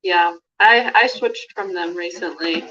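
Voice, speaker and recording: A woman's voice: on the low side, a little slow, pushed and bright. Woman giving short replies, lo-fi. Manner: brief, agreeing responses. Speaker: listener in the conversation. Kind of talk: casual chat. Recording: dull lo-fi sound.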